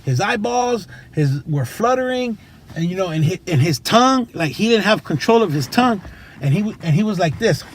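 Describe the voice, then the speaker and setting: A man's voice: high voice, animated, moderate pace. A man from California telling his own story in an unscripted, casual way, using slang, swearing and many fillers. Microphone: tablet camera mic. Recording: noisy street and traffic sound.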